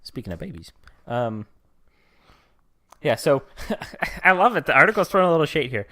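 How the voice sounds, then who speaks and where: A man's voice: sing-song, normal speed, sharp tone, no echo, studio quality. A man co-hosting a casual podcast chat, joking around with lots of fillers. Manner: jokey, lots of fillers, breaks into silly high voices. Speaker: podcast co-host.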